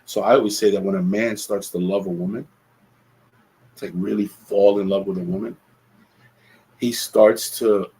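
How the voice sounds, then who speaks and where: A man's voice: on the low side, steady tone, normal speed, long pauses, warm tone, rough recording. A man hosting a solo podcast, talking earnestly and reflectively, often restarting his phrases. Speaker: podcast host.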